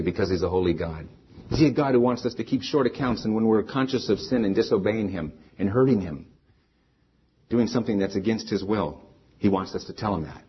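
A man's voice: fairly low pitch, slightly rough. A middle-aged man preaching a sermon as a pastor, earnest and conversational, weaving in personal stories. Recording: slightly dull lo-fi sound.

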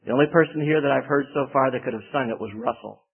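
A man's voice: mid-range voice, fast, gravelly, breathy edge. Folksy male preacher on a tinny line. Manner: folksy storytelling, acts out quoted voices. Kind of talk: sermon with personal anecdote. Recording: tinny phone-like band.

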